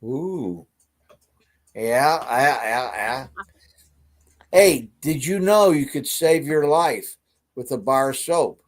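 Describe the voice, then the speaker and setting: A man's voice: mid-range voice, animated, slow, pauses often. A man co-hosting a humor show, delivering dry punning one-liners. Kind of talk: casual joke-telling chat.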